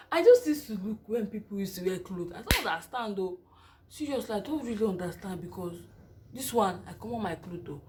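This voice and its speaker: A young woman with a Nigerian accent, telling her viewers a personal story in a lively, chatty way. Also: mid-range voice, moderate pace, heavy background noise. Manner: animated, lively retelling full of asides to viewers. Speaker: vlogger. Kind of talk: casual storytelling to camera.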